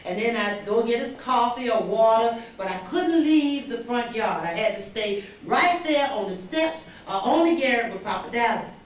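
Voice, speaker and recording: An older woman gives an inspirational storytelling speech at a banquet. Her voice sits a little high, and she acts out every line of dialogue. She is picked up from a distance, and the big hall rings with echo. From Mississippi Delta. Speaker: banquet speaker. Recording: echoey hall recorded from far off.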